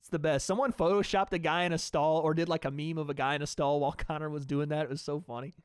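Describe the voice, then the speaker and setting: A young man calls a fight live for his stream chat in a slangy, unfiltered way. His voice sits a little high and comes through smooth and resonant, recorded dry and close. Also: fairly even intonation, fast talker, dry recording. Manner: loose and slangy, swears, talks back to chat. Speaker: streamer hosting a fight watch party.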